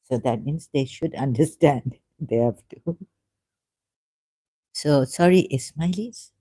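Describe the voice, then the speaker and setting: A woman vlogging about religion to camera, hesitant and halting with many restarts, earnest and openly frustrated. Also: rumbling low, mellow, breathy edge. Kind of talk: unscripted talk to camera.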